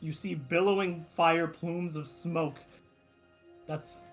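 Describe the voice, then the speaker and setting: A man runs a tabletop game and narrates the scene dramatically, breaking into loud bursts. His voice sits fairly high for a man. Faint music plays underneath. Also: steady tone, slow pace. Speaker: game master.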